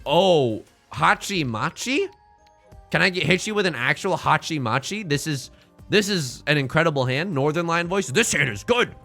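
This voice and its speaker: A man with a fairly high voice streams a game at a moderate pace, faint music playing behind him. He chats casually with viewers, rambling and joking with animated asides.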